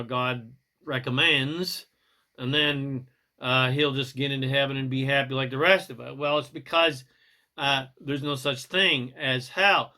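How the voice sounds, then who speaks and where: Irreverent man with a bright, forceful voice. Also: a little high. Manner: irreverent, profane and emphatic. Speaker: spiritual teacher. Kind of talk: monologue spiritual message.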